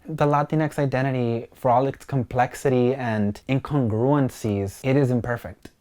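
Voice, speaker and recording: A young man explaining things in a casual vlog with a chatty, slangy manner and "like" dropped into nearly every sentence. His voice sits at a middling pitch for a man. He talks to the camera in an informal, conversational way. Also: darkish tone. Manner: chatty, fills speech with "like". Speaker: video creator.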